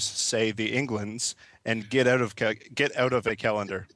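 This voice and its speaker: A man's voice: fairly low pitch, steady tone, moderate pace, few pauses, a bit bright, no room sound. A man co-hosting a comedy podcast, giving a hammy reading of broken English fan fiction. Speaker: podcast co-host.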